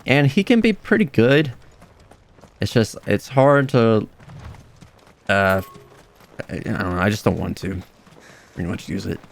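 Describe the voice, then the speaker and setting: Excitable young man with a gravelly voice. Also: on the low side. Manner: excitable, laughs often, exclaims at the game. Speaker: let's play gamer. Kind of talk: casual gameplay commentary.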